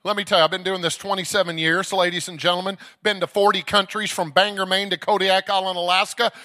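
A man from Dallas, Texas preaching an energetic Pentecostal sermon as a guest evangelist, calling out to the congregation and telling stories. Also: sits high, fast talker. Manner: exuberant, calls out to the crowd, storytelling. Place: church sanctuary.

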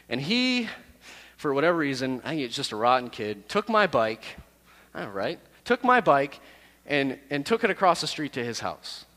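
A man who is a youth pastor, telling a personal story to his youth group in a lively, self-deprecating way. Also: medium pitch, long reverb tail.

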